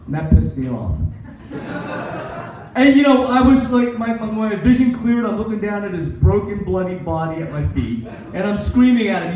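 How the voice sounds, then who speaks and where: A man's voice: high-pitched, animated, normal speed, darkish tone, slight background noise. A man in his sixties doing a rambling, self-mocking stand-up set at a comedy club. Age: 60s. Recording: echoey club recorded from far off.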